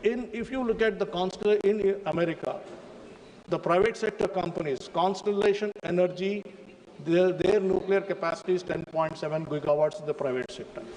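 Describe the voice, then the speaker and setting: A man's voice: high voice, normal speed, darkish tone, a little hiss or hum. A man with an Indian English accent giving an emphatic speech in a parliament chamber, repeatedly addressing the chair as sir. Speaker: member of parliament. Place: large parliament chamber, indoors. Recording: reverberant chamber broadcast feed.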